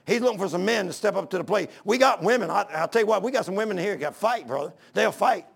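A man preaches with folksy fervor, his voice pitched high for a man. A gravelly rasp runs through his delivery as he moves between plain talk and scripture. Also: expressive, quick pace. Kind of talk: sermon.

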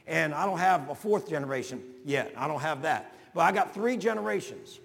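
Older preacher guy, high raspy voice, churchy reverb. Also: expressive, brisk. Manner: folksy, builds to shouting. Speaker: pastor. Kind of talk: sermon.

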